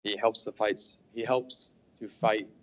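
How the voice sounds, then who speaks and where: A teenage high school student speaks earnestly at a school board meeting. His voice is fairly low, and he often stumbles and restarts his sentences. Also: fairly even intonation, a little slow, poor audio. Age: teens. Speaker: student giving public comment. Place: meeting hall.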